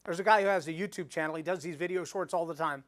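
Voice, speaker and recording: A man's voice: a little high, fast talker. A middle-aged man, a speaking coach, teaching storytelling in a live webinar, acting out the voices he quotes. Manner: animated, acts out quoted voices.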